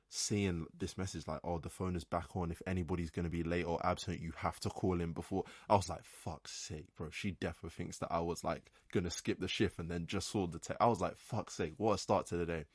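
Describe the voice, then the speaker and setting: Low-voiced young guy ranting. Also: brisk, dry recording, clean studio sound. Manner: animated ranting, frequent swearing and "like". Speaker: podcast host. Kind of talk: casual solo storytelling.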